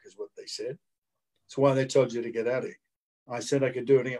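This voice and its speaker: A man's voice: medium pitch, quick pace. A man, a guest actor telling a story casually over a video call and acting out the quotes. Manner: animated, acts out the quotes.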